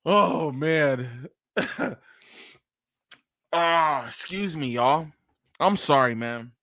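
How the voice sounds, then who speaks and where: A man's voice: a little high, lively intonation, very slow, sharp tone, no echo. A man hosting a live-stream reaction, talking loosely and profanely into a close streaming mic and breaking into bursts of laughter.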